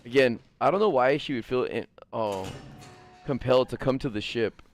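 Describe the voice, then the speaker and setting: A man's voice: mid-range voice, normal speed, soft background music. A young man giving casual let's-play commentary as a gaming streamer, joking, swearing and chatting with his viewers.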